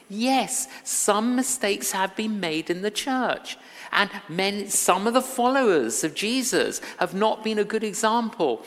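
A woman's voice: mid-range voice, expressive, unhurried, fairly bright tone. A woman evangelist preaching a sermon, telling stories and acting out what people said. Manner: storytelling, acting out quoted lines. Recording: reverberant hall.

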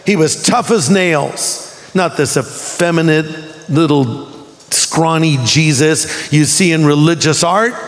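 Preaching a sermon, a pastor with a strikingly high voice swings his pitch up and down for emphasis and slows on the key words. A long reverb from a large hall surrounds his voice.

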